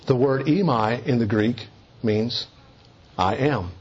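A man preaching an expository sermon in a measured way, slowing down on key phrases for emphasis. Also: medium pitch, darkish tone, husky, muffled recording.

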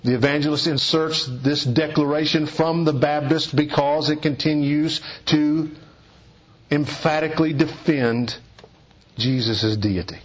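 Husky-voiced man preaching emphatically. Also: fairly high pitch, steady tone, measured pace, lo-fi sound. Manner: emphatic, repeats key phrases. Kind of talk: expository sermon.

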